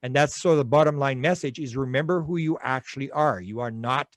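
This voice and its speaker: A man's voice: medium pitch, brisk, dry recording. A man being interviewed, telling stories in a rambling way with many restarts. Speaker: interview guest. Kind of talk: conversational interview.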